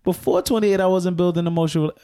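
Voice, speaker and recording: A man in his thirties with a fairly high voice tells playful, frank stories in a relaxed podcast chat. The sound is dry and close, with no room echo, and he keeps pressing on with his story. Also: fast talker, smooth. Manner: joking, storytelling, keeps asking to finish. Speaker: podcast co-host. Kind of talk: casual chat.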